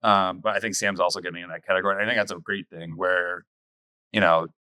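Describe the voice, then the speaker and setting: A man's voice: deep voice, fairly even intonation, quick pace, bright, forceful tone, no room sound. A man who owns and runs a brewery, talking frankly and bluntly in a casual podcast chat, sometimes swearing.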